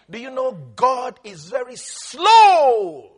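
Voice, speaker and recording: A man with a very high-pitched voice preaches a sermon as a pastor. His delivery is animated, with words drawn out slowly for emphasis and bursts of laughter.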